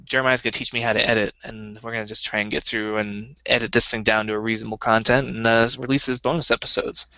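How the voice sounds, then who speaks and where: Man, game master co-host, quick pace, bright tense tone, dry close podcast sound. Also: fairly low pitch, flat delivery, no room sound, dull audio. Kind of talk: casual chat.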